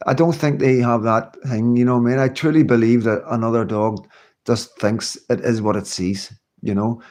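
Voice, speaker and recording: A man's voice: medium pitch, expressive, moderate pace. A middle-aged man with a Scottish accent hosting his own livestream, chatting casually and reading out viewer comments, with lots of fillers and rambling asides. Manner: rambling, chatty, laughs often, many fillers. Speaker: livestream host.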